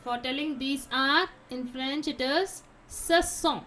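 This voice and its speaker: Slow, high-voiced woman teaching vocabulary. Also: pushed and bright, slight background noise. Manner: repeats each word several times, asks herself "how to pronounce?". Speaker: French teacher. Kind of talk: slow vocabulary lesson with repetition.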